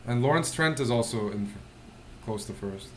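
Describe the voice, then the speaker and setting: A man's voice: mid-range voice, normal speed, a bit bright, a little hiss or hum. A man thinking aloud as he plays chess, musing and self-critical. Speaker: chess player. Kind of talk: thinking aloud while playing.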